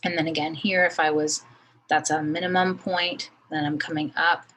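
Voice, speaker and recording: Woman, low voice, math teacher thinking aloud, faint room hum. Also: little pitch movement, normal speed, fairly bright tone, rough recording. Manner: thinks aloud while drawing, many fillers. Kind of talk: recorded screen lesson.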